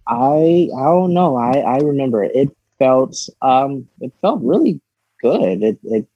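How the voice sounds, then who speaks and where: A man in his twenties, a guest in a casual interview, talking frankly and giggling, with many halting restarts. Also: mid-range voice, sing-song, slightly rough, dry recording, muffled recording.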